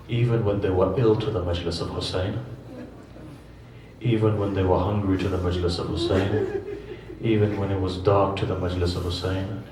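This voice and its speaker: A man's voice: sits low, noisy background. A man preaches, driving a story forward with rhetorical questions and phrases he repeats for weight. He sits well back from the microphone in a roomy, echoing hall, and a faint murmur of the room sits under his voice. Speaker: preacher at a mourning gathering. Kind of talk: sermon. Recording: echoey distant hall recording.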